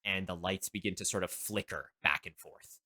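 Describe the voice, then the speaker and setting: A man narrating as game master of a tabletop game, halting often with fillers. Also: low voice, pushed and bright, husky.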